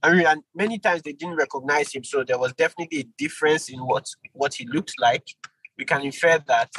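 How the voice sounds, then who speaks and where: A man teaching an online Bible study, animated, with sudden jumps in pitch for emphasis and quick apologetic asides. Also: husky, no echo, rough recording.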